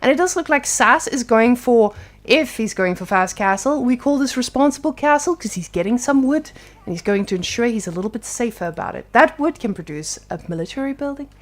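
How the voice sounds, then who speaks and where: A woman casting a live strategy game match, playful and joking. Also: a little high. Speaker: esports caster.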